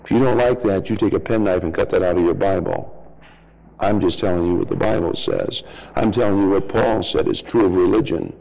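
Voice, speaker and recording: A man preaching a fiery, blunt sermon in a folksy, mocking way, swinging from shouted highs to low asides. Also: a little fast, vocal fry, muffled recording.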